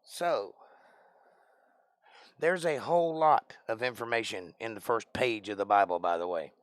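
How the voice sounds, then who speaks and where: A man's voice: fairly low pitch, a little slow, no room sound, clean studio sound. Wry Southern man chatting with his viewers. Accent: Southern US, Georgia. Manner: joking, wry, bantering with chat. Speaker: livestream host and Bible teacher. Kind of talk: casual livestream chat reading comments.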